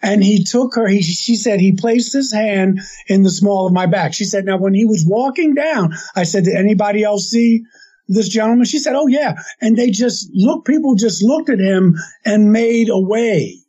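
High, husky man telling a story. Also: normal speed, warm tone. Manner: rambling, with restarts and quoted dialogue. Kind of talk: casual retelling of an anecdote. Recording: dull lo-fi sound.

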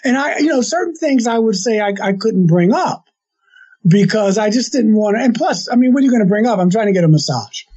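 A man's voice: high-pitched, expressive, brisk, mellow, slightly rough. A man casually retelling a story he was told, rambling with restarts and quoting the other person's words. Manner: rambling, with restarts and quoted dialogue. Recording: dull lo-fi sound.

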